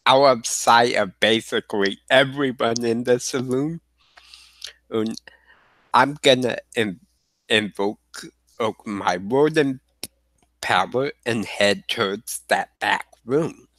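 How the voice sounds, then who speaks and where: A man playing a tabletop game, speaking haltingly with many fillers as he describes his character's moves. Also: mid-range voice, sharp tone, no echo. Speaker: player. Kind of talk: casual play at a tabletop game.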